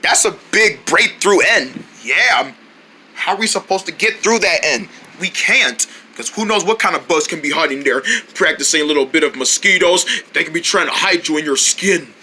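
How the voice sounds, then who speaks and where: A man voicing a cautious cartoon creature that grumbles warnings in a lower voice than his own. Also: lively intonation, moderate pace, pushed and bright, a little hiss or hum. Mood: wary.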